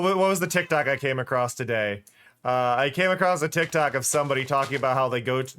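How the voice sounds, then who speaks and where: A man streams a game from his desk mic, rambling casually in live chat and often swearing and laughing. His voice is mid-range, a bit bright, and clean.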